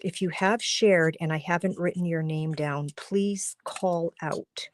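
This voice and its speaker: Losing her voice, a woman hosts a live card-making class from her home studio, chatting and instructing as she colors and often murmuring. She speaks a little slowly in a lowish voice with fairly even intonation, against slight background noise.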